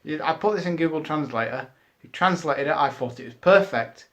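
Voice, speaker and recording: Teen male co-host, Northern English accent, slightly higher voice, jokey anecdotes. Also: brisk, a bit bright. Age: teens. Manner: jokey storyteller, laughs often. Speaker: podcast co-host. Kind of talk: casual chat.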